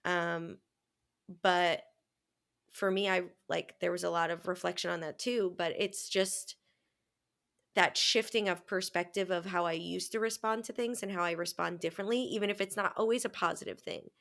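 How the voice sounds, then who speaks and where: A woman's voice: fairly low pitch, fairly even intonation, normal speed, vocal fry, fairly bright tone. A young woman co-hosting a podcast, telling a personal story in casual, candid chat and swearing freely. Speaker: podcast co-host.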